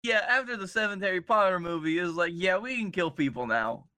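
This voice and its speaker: A man co-hosts a comedy podcast, laughing often and chiming in with teasing remarks. His voice sits high and sounds bright. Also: expressive, fairly quick, clean tone. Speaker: podcast co-host. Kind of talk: casual comedy chat.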